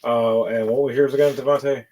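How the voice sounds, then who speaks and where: A man acts as game master for a tabletop game, narrating the story in a rambling, excitable, foul-mouthed style. His pitch is medium, his pace a little quick, and the recording is rough.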